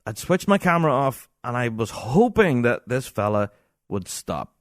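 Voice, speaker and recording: A man with a Scottish accent hosting a podcast, telling an exasperated, animated anecdote in casual talk. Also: mid-range voice, moderate pace, dry recording, studio quality. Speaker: podcast host.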